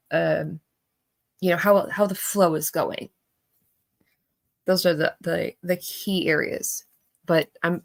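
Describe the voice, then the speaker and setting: Low-voiced woman explaining statement analysis. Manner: halting, repeats words while explaining. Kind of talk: explanatory commentary.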